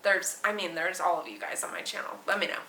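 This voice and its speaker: A young woman with a Southern California valley girl accent chats to her camera in a bright, bubbly voice, peppering every thought with likes and oh my goshes. She sounds a touch tense and sharp. Her voice rings around a small, echoey hotel room. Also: on the low side, big pitch swings, slight background noise. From California, USA. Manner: chatty, fast-flowing, many likes and oh my goshes. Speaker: flight attendant vlogger. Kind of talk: casual chat to camera.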